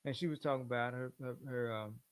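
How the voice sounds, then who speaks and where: An older man with a mid-range voice hosts a conversation. He speaks calmly and adds short affirmations while he listens. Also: mid-range voice, fast, clear, resonant tone. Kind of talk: conversational interview.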